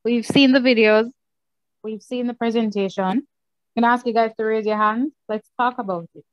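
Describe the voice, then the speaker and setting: Woman moderator, higher voice, dry muffled call audio. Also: steady tone, moderate pace, no room sound. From Caribbean. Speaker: discussion club moderator. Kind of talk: online meeting presentation.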